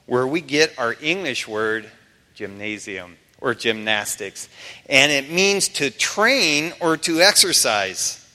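A man preaches in a church sanctuary, slipping into casual stories and acted-out voices with a joking touch. His voice sits high and sounds bright and forceful. The room rings with a long, hall-like reverb. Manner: animated, casual storytelling with humor and acted-out quotes. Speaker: pastor. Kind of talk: sermon.

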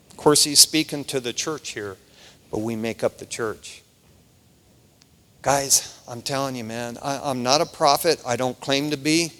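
A middle-aged man preaching a sermon as pastor, animated and casual, acting out the voices he quotes. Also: medium pitch, unhurried, in a large hall.

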